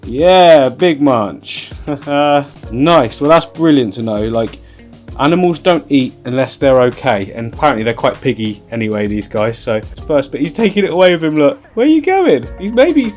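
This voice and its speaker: A man hosting a casual vlog at home, talking warmly to his pet and putting on little voices for it. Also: mid-range voice, animated, normal speed, soft background music. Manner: chatty, coos at the pet, puts on little voices for it. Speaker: aquarium channel host. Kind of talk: casual vlog chat to camera.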